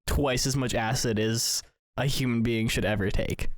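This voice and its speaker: A man co-hosting a podcast, chatting casually and tossing out quick joking questions. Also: medium pitch, fairly even intonation, no echo. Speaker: podcast co-host. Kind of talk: casual chat.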